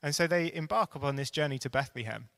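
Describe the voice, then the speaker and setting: A man preaching a sermon in a bright, forceful voice that sits a little high. He retells the story earnestly, then builds to animated emphasis. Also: fast, vocal fry.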